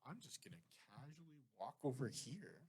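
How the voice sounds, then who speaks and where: A man's voice: medium pitch, moderate pace. A Canadian man co-hosting a podcast, chatting casually and rambling off on tangents. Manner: rambling, animated, goes off on tangents. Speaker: podcast co-host. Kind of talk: casual chat.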